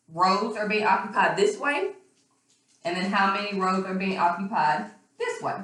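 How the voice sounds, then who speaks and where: A hoarse woman teacher giving a recorded math lesson, explaining patiently step by step with frequent ums. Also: mid-range voice, fairly bright tone. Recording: echoey room, far from mic.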